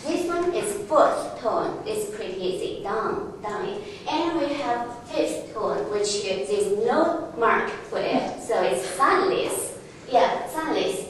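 Slow-spoken woman teaching a class. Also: on the high side, expressive. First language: Chinese. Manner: slow, patient, laughs often, restarts phrases. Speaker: Chinese language teacher. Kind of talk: classroom lesson. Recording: echoey room from far off, faint noise.

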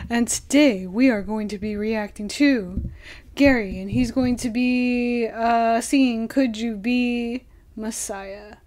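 A woman hosting her own reaction video, chatting casually and playfully with viewers and sometimes dropping into a soft whisper. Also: on the high side, takes it slowly. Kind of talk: casual reaction vlog chat.

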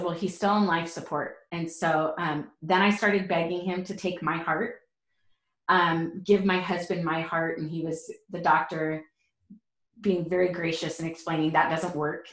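A woman in her forties, a podcast guest, tells an emotional personal story in an earnest, halting way with many fillers. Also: low-pitched. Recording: roomy echo.

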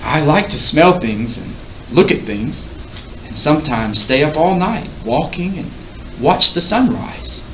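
A man reading aloud, voicing a curious, dreamy seventeen-year-old girl who speaks in a soft, wondering way. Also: fairly high pitch, expressive, unhurried. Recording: roomy, distant mic, faint hiss.

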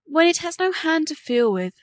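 A young mother lost in the forest , played by a woman reading aloud, speaks in a high, pleading storybook voice. The sound is dry and close, with no room around it. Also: very animated, normal speed, no room sound. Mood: distraught. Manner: pleading, raised emotional pitch.

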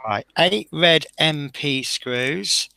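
A man's voice: fairly high pitch, extremely slow, gravelly, bright, forceful tone, dry recording. A man hosting a live model-building stream, chatting casually and self-deprecatingly as he talks through each step, sounding tired.

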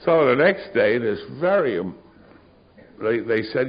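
A man's voice: medium pitch, sing-song, a little slow. An older man telling his recovery story to a meeting in a wry, sardonic way with dry humor. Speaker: AA speaker. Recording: muffled recording of a live talk.

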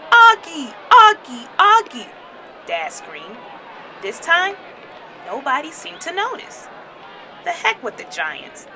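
A woman teacher reading a children's storybook aloud with expressive, animated storytelling. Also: sits high, slow, vocal fry, long pauses, some chatter behind, slight background noise.

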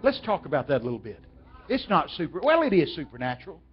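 Talking fast with a fairly high pitch and big swings, this Texas-accented preacher spins folksy stories and questions his audience directly. Faint music sits under the dull lo-fi audio.

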